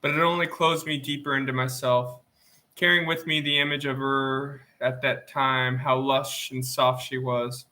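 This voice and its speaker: A man reading a novel aloud in plain, steady first-person narration, sniffling from allergies. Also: mid-range voice, unhurried. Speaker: audiobook reader.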